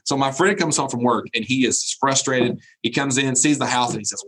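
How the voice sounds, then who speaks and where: A college dean gives a motivational keynote over a video call, telling funny anecdotes and chuckling at his own jokes before turning earnest and encouraging. His mid-range, fairly bright voice moves a little fast with hardly any pauses, and the video call mic makes the recording rough.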